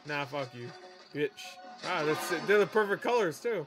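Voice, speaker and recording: A man's voice: fairly high pitch, lively intonation, moderate pace, music in the background. A man hosting a meme reaction video, laughing often, swearing freely and talking back at the clips. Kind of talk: casual reaction commentary.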